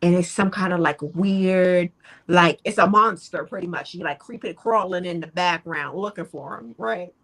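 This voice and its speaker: A woman's voice: on the low side, normal speed, creaky, a bit bright. A woman co-hosting a casual chat, retelling a plot loosely with slang and laughter. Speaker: co-host.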